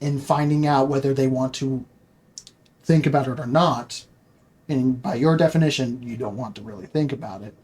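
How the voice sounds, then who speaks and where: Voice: medium pitch, moderate pace, a little mellow. A game master narrating a tabletop game, asking a player probing, reflective questions about their character.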